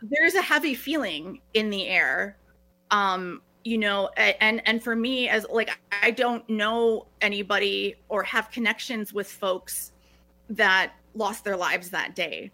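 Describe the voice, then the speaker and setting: A woman's voice: medium pitch, slow, bright, forceful tone. A middle-aged woman speaking as a guest on a talk show, earnest, often restarting her phrases. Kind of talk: reflective podcast conversation.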